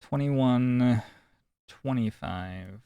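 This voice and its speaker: A man streaming a detective game, musing slowly and thinking aloud as he works through each scene. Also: mid-range voice, creaky, mellow, smooth, no room sound, muffled recording. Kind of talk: casual let's-play commentary.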